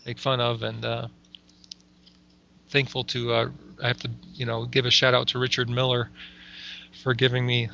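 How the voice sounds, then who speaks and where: A man's voice: medium pitch, monotone, normal speed, gravelly, long pauses, bright, forceful tone, dull audio, slight background noise. A man who makes comedy videos, talking casually as an interview guest, rambling with lots of fillers and frequent laughter.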